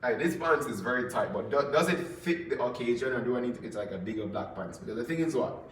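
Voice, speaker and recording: A man's voice: medium pitch, lively intonation, quick pace, distant mic, a little hiss or hum. A man hosting a casual live stream, rambling and repeating words as he talks straight to his viewers. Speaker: livestream host. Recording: roomy sound from off-mic, faint ambience.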